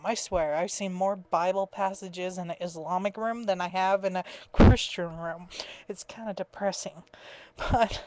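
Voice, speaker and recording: A woman's voice: mid-range voice, unhurried, darkish tone. A woman in her twenties telling a story in a casual, exasperated webcam rant, often breaking into laughter. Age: 20s. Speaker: vlogger. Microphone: webcam mic.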